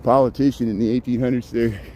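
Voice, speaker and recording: A man's voice: mid-range voice, fairly even intonation, quick pace, warm tone. A man hosting a walking livestream outdoors in a city park at dawn, rambling with repeated words and restarts, a little out of breath, talking into a handheld phone. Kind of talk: casual live walking commentary.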